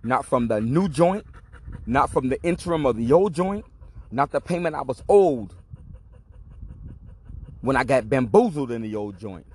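Husky-voiced man telling a rambling story. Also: mid-range voice, expressive, measured pace, pauses often, a little mellow. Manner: slangy, profane, rambling storytelling. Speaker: podcast host. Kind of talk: casual storytelling monologue.

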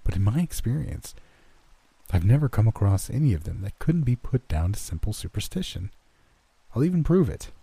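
A man voicing a skeptical young businessman in a horror story reading, with a brisk, blunt manner. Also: lowish voice, sing-song, vocal fry, mellow, husky, no echo, pitched above the performer's own voice, heavily acted. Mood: confident. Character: young male city businessman, skeptical and curious.

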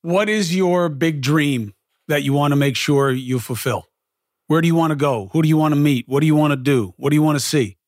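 A man's voice: on the high side, brisk, a little mellow, dry recording, studio quality. A man hosting an interview, asking questions and telling stories in a chatty way full of fillers. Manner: chatty storyteller, lots of fillers. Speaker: interviewer host. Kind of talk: casual interview chat.

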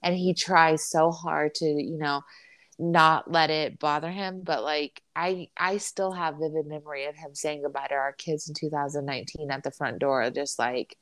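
A woman in casual chat, talking about her husband and family in a chatty, animated way with many fillers. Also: low-pitched, normal speed, no room sound. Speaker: podcast co-host, military spouse.

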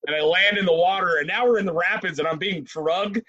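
A man in casual conversation, telling a story in a profane, animated way with frequent laughs. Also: high voice, brisk, crowd noise. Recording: dry, dull lo-fi sound.

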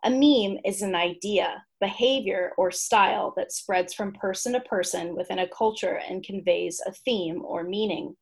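Co-host reading out loud, husky tone, wry playful asides, medium pitch. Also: female voice, moderate pace, few pauses. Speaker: podcast co-host. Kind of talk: reading a written entry aloud, casual chat.

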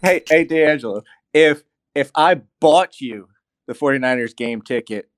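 A man's voice: medium pitch, lively intonation, a little slow, no echo. A man in casual chat, teasing his friend and laughing often.

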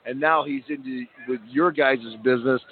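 A man's voice: medium pitch, normal speed. A man in his fifties with a Philadelphia accent, chatting as a radio guest and acting out voices as he tells stories. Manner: animated storyteller, acts out voices. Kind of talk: casual chat. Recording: tinny phone-like line.

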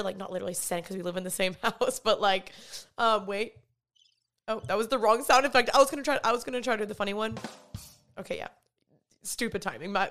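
A young woman chats earnestly to her viewers, her words sprinkled with "like" and "honestly". Her voice is smooth and clear and sits at an ordinary middle pitch for a woman. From Texas. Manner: chatty, earnest, full of "like" fillers. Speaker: vlogger. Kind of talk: casual chat to the camera.

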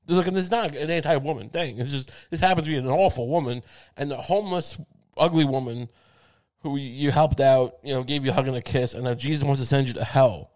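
A man in the middle of a comedic monologue, cursing freely and circling back on himself with stammered restarts. His voice sits at an ordinary, middling pitch for a man. The tone stays sardonic and loose rather than polished. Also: a little fast, darkish tone. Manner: profane, rambling, sardonic rant with many restarts.

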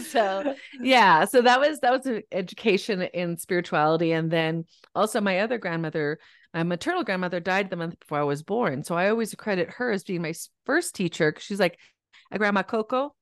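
Lively woman telling stories, dry sound. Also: medium pitch, moderate pace, dry recording. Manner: lively storyteller, acts out quoted voices, laughs often. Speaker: guest author. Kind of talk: casual podcast interview.

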